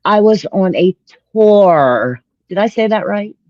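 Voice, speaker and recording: A woman's voice: medium pitch, fairly even intonation, fairly quick, a little mellow, dry recording, lo-fi sound. A woman from Florida with a Southern accent, a guest chatting frankly and casually. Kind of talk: casual interview chat.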